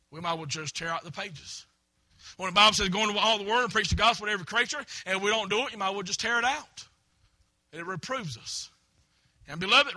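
A man preaching a sermon as pastor in a church, repeating phrases and breaking into emphatic shouts. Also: sits high. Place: church sanctuary.

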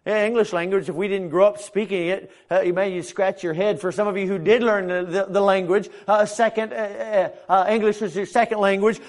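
A man's voice: steady tone, a little fast, few pauses. Fervent middle-aged preacher man. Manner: impassioned preaching with frequent stammered restarts, pitch climbing when stirred. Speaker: pastor. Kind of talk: sermon. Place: church sanctuary.

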